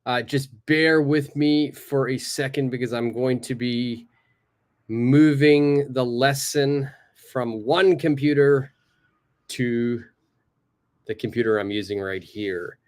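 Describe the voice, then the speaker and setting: A man teaching a live online English lesson, encouraging and repeating phrases slowly for learners at his computer. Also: mid-range voice.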